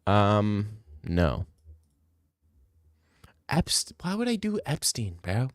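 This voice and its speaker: A man's voice: on the low side, wildly swooping pitch, extremely slow, no echo, studio quality. A young man streaming and reading out viewer messages in casual chat, laid-back and blunt, swearing freely.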